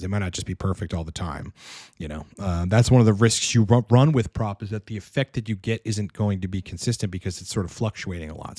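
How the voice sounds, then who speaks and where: A man's voice: mid-range voice, darkish tone, no room sound, studio quality. A man coaching on fitness, answering audience questions in a casual monologue, blunt and profane and rambling with frequent restarts.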